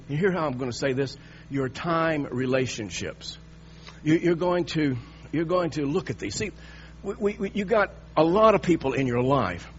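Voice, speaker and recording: A man's voice: mid-range voice, lo-fi sound, slight background noise. Sixty-year-old man preaching through a story. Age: 60s. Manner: animated storytelling with repeated restarts. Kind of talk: sermon with personal story.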